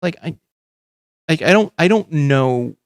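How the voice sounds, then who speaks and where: A man's voice: a little high, expressive, measured pace, dry recording, clean studio sound. A man hosting a livestream, chatting casually about politics in a rambling, profane way with lots of fillers and restarts. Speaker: livestream host.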